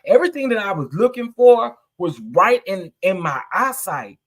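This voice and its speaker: A man's voice: high-pitched, big pitch swings, moderate pace, few pauses, fairly bright tone. Emphatic man chatting to viewers. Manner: emphatic, preachy, greets live chatters, emotional. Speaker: vlogger. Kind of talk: casual chat to viewers, live stream.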